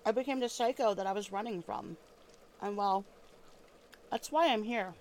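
A woman's voice: medium pitch, normal speed, darkish tone, slight background noise, natural voice. A woman acting as a weary, foul-mouthed female ex-killer trying to live in peace, talking casually with lots of fillers and restarts, sometimes with her mouth full, in an audio role-play drama. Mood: bitter. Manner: chewing food while talking.

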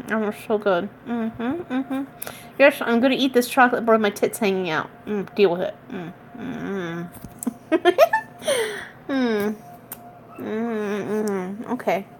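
A woman's voice: on the high side, a little hiss or hum. A young woman playing an affectionate, playful catgirl in an intimate audio role-play, giggling, teasing and meowing between lines.

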